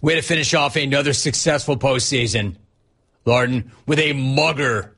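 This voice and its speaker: A man hosting a sports talk radio show, sarcastic and animated as he reads out listener messages and riffs on them. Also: mid-range voice, normal speed, vocal fry, husky.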